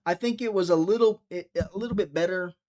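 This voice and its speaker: A man with a slightly high voice hosts a loose, casual livestream. He rambles and cracks jokes, talking straight to the viewers in his chat. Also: a little fast, darkish tone. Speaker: livestream host.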